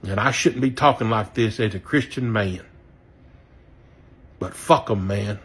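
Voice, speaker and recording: With a lowish, breathy voice and a measured pace, a man from the American South delivers an angry rant sharing his view as a voter. Profanity comes often, along with the occasional apology for it.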